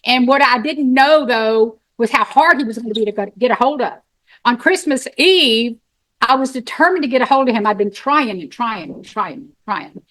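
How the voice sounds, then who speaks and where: A middle-aged woman, telling her own story in a folksy, animated way. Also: fairly high pitch, moderate pace. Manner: animated, folksy, acts out quoted voices. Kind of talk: storytelling talk.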